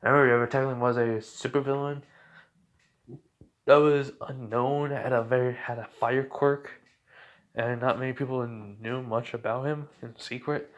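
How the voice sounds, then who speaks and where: A man's voice: mid-range voice, fairly even intonation, moderate pace, lightly acted. A man voicing a cheerful, cocky but kind teenage boy hero in a spoken fan story, friendly and teasing.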